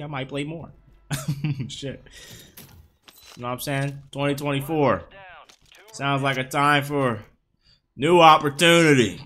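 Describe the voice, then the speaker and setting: A man's voice: mid-range voice, pushed and bright. A man giving casual, profane gameplay commentary, laughing often. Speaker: gaming streamer.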